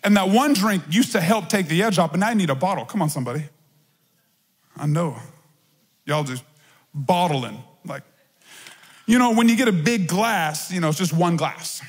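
A man's voice: sits high, moderate pace, pauses often, husky. A man preaching a sermon as pastor, talking conversationally and animatedly, acting out little voices. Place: large church hall. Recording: long hall reverb.

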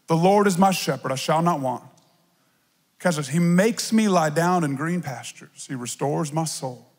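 A man preaching a lively sermon as a pastor, acting out little voices and playful asides. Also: fairly high pitch, moderate pace, big-room sound.

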